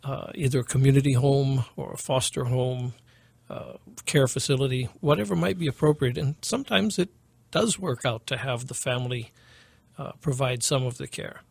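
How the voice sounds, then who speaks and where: A man with a low voice, a guest on a radio talk show, explaining things in a measured way. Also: creaky, husky, dry recording. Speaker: guest, caregiving foundation director. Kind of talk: radio interview answers.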